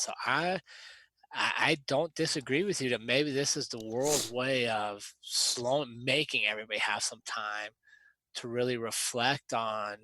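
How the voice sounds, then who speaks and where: Bright-voiced animated male co-host. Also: mid-range voice, no room sound. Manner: animated, laughs easily. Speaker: podcast co-host. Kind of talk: casual chat.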